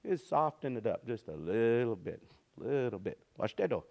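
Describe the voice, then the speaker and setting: A man's voice: medium pitch, lively intonation, creaky, darkish tone. Easygoing man teaching a language class. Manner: easygoing, repeats words slowly for practice, restarts often. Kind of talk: informal spoken language lesson.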